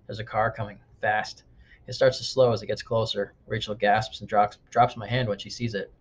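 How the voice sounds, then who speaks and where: A man narrating an audiobook in the first person, quick, even and matter-of-fact. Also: fairly low pitch. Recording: dull lo-fi recording with faint noise.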